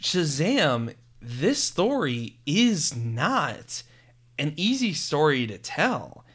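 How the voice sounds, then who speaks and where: A man co-hosting a casual film discussion, animated and fond of retelling scenes in quoted voices. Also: fairly high pitch, extremely slow, slightly rough. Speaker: podcast co-host.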